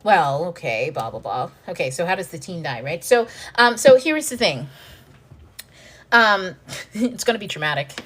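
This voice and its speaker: A woman's voice: mid-range voice, normal speed, long pauses, breathy edge. Frank, swearing woman teaching self-help. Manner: frank and animated, swears freely, acts out panicked inner voices. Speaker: self-help video host. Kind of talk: casual teaching monologue to camera.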